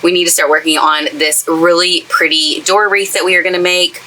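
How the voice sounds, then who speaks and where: A woman chats her way through a craft tutorial, gushing about everything she loves. Her voice is bright and forceful, sitting a little low. A faint hiss of background noise sits behind her. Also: little pitch movement, a little fast, rough recording. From East Texas. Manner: chatty, gushing and enthusiastic. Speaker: craft channel host. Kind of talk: casual craft tutorial chat. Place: craft space in a camper trailer.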